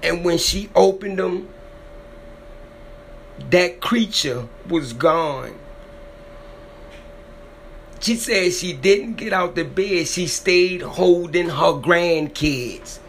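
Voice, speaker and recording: A man's voice: high-pitched, slow pace, pauses often, fairly bright tone, a little hiss or hum. A man retelling someone's frightening encounter in an emotional, dramatic way, often repeating himself. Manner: dramatic, repetitive, voice swells when emotional. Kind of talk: emotional spoken storytelling.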